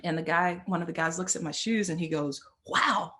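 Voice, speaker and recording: An earnest middle-aged woman gives a storytelling talk on stage, building her points through repeated, emphatic phrases. Her voice sits a little low for a woman. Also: fairly even intonation, fast talker. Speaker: motivational speaker.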